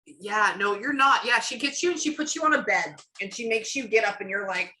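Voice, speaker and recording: A woman's voice: medium pitch, fairly quick, pushed and bright. A woman working as a psychic medium, chatting through a reading and acting out what she hears, on camera. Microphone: camera or video call.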